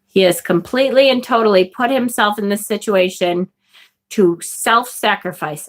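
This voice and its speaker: A woman runs a live tarot stream, reading viewer comments aloud and chatting with enthusiasm while casually swearing. She speaks at medium pitch and normal speed.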